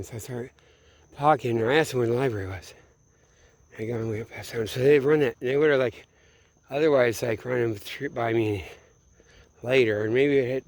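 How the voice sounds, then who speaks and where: A man's voice: medium pitch, a little mellow, no room sound. A man from Minneapolis in a meandering, late-night solo monologue, swearing freely and often trailing off mid-thought. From Minneapolis, USA. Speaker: vlogger.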